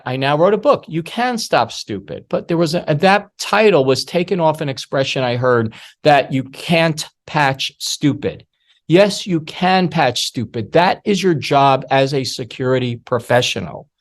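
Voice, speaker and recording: A man with a slightly higher-pitched voice than most men delivers a masterclass lecture on security. He tells stories in an emphatic style, with many asides along the way. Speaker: security awareness speaker.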